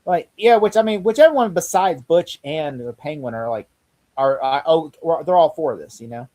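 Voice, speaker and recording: A man with a high voice rambles excitedly through a casual review chat, restarting sentences as he goes. His pitch sits well above most men's, and he jumps from point to point as he co-hosts. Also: normal speed, low-quality recording. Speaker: podcast co-host.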